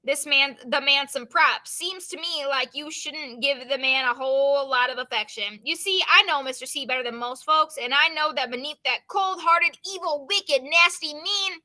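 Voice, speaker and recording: A joking male jazz musician with a playful, slangy drawl, as a woman reads him aloud. The voice sits high and rings bright and forceful, heard over a video call. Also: moderate pace, few pauses. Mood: teasing.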